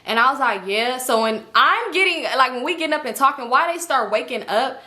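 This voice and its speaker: A young woman telling a casual storytime vlog story, animated and profane, acting out other people's lines and dropping to near-whispers for her own thoughts. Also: sits high, fairly quick. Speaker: storytime vlogger.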